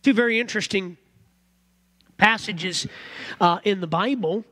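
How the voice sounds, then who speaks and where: A man preaching a sermon as pastor in a church, earnest and animated, often repeating phrases. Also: high-pitched, measured pace.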